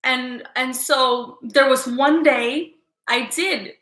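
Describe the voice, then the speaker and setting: A woman's voice: high-pitched, slow, pushed and bright, echoey room. A woman psychic tarot reader talking to her livestream viewers, fighting back tears and repeating herself as she halts between phrases. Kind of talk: emotional livestream talk to viewers.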